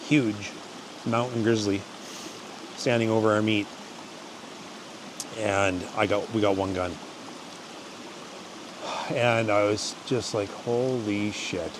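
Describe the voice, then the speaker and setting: A fairly low-pitched male voice with a faint hiss or hum, hosting his own channel and casually spinning hunting stories to the camera. He rambles and restarts, yelling animatedly when quoting.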